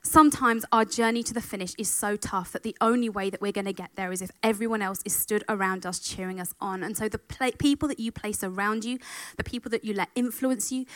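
A woman preaching a sermon, telling a story with emotion and animated delivery. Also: medium pitch, no room sound.

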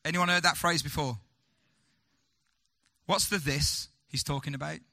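A man preaching a sermon, asking the congregation rhetorical questions and swinging between loud, urgent lines and hushed, slow ones. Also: on the high side, fairly even intonation, gravelly.

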